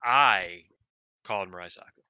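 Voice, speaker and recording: A man from the American South with a Southern accent, co-hosting a casual chat, animated and swearing freely. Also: normal speed, smooth, dry recording, highs cut off. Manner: animated, swearing, acting out quotes in a high voice. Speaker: podcast co-host.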